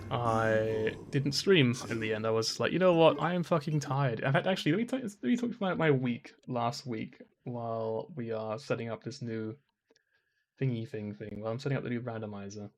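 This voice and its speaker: A man streaming a game, chatting casually into a dynamic microphone, rambling and swearing often as he laughs through his stories. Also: medium pitch.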